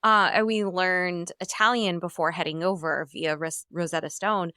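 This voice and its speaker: Animated woman from New Jersey, dry mic. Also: on the low side, normal speed, clear, resonant tone, dry recording. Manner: animated storyteller, acts out quoted lines. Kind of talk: casual podcast chat.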